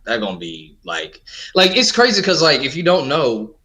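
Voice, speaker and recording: Co-host, man, bright tone, lively pitch, repeats for emphasis. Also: moderate pace, rough recording. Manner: excitable, repeats himself, ends lines with bro. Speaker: podcast co-host. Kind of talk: casual chat.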